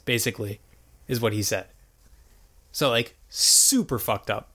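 A man's voice: medium pitch, unhurried, pushed and bright. A man co-hosting a podcast, recapping a cartoon episode in casual, rambling chat full of "like" and "basically". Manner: rambling, filler-heavy storytelling. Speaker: podcast co-host.

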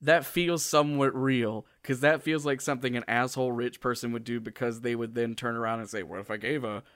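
A man co-hosts a comedy podcast in loose, casual chat, rambling and sarcastic as he swears freely. His voice sits at an average male pitch, recorded close and dry with no room echo. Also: steady tone, brisk, fairly bright tone, clean tone. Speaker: podcast co-host.

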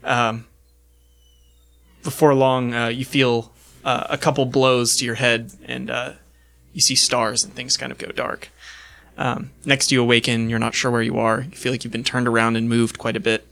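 Bright-voiced man running a tabletop game. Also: mid-range voice, moderate pace, vocal fry. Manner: relaxed storytelling with many fillers and laughs. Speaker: game master.

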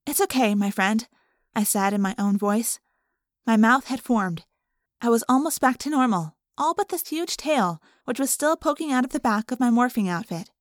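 Lady reading a kids' book out loud, chatty first person, highish voice, dry sound. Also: lively intonation, normal speed, no room sound. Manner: plain, conversational first-person storytelling. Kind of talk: audiobook narration.

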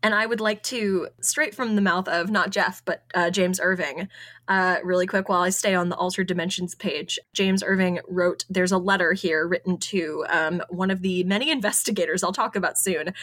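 A woman's voice: on the low side, fairly even intonation, normal speed, fairly bright tone. A woman hosting a podcast in casual chat, an enthusiastic and giggly storyteller. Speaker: podcast host.

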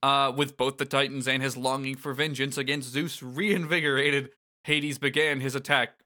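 A man's voice: mid-range voice, little pitch movement, moderate pace, bright, forceful tone. A man co-hosting a casual podcast, reading story beats aloud in a wry, joking manner. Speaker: podcast co-host. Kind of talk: casual podcast chat recapping a game.

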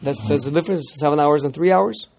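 A man teaching a text study class, lively, firing rhetorical questions at his students and repeating words as he starts sentences. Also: on the high side, fast talker, gravelly, a little hiss or hum. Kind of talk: interactive text lesson.

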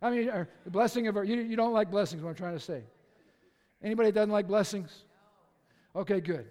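A male pastor preaching a sermon with passion, swinging from shouts to conversational asides with the congregation. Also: sits high, fairly quick. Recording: long hall reverb.

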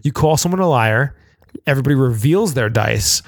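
A man's voice: medium pitch, lively intonation, fairly quick, no room sound. A man co-hosting a podcast, explaining game rules in casual chat, rambling with lots of fillers and restarts. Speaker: podcast co-host.

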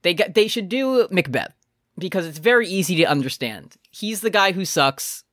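A man's voice: sits high, expressive, moderate pace, a bit bright, no room sound, studio quality. A man co-hosting a podcast in casual chat, joking around and laughing often. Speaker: podcast co-host.

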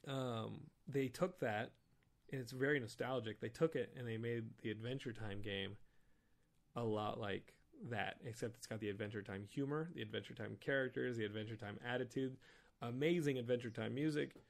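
A male podcast host talks alone in a loose, rambling way, full of nostalgic excitement and self-mocking asides. His voice has a gravelly edge, at a middle pitch for a man. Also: normal speed. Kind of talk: casual solo podcast talk.

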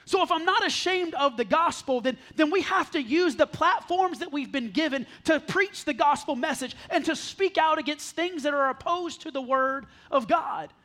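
A man's voice: extremely high pitch, normal speed, few pauses, bright, forceful tone. A man who is a pastor preaching a sermon to a congregation, earnest, often repeating words as he restarts. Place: church service before a congregation.

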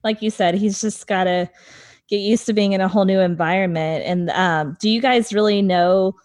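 A woman's voice: medium pitch, moderate pace, darkish tone, no echo, clean studio sound. A woman co-hosting a podcast who listens sympathetically and asks follow-up questions in casual chat. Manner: sympathetic listener, short reactions and laughs. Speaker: podcast co-host.

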